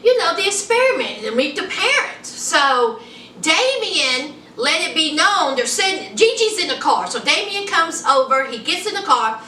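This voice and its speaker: A woman's voice: high-pitched, very animated, moderate pace, sharp tone, distant mic. A woman giving a casual, chatty recap of a TV show, gossiping with sassy asides to her viewers. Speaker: TV show reviewer. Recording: echoey room, a bit off-mic, faint hiss.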